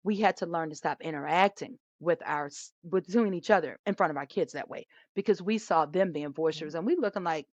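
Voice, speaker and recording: Woman co-host, emphatic and loud-natured storyteller; lowish pitch, muffled podcast audio. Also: fairly quick, hardly any pauses, no room sound. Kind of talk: casual podcast chat. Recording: dull, lo-fi, dry sound.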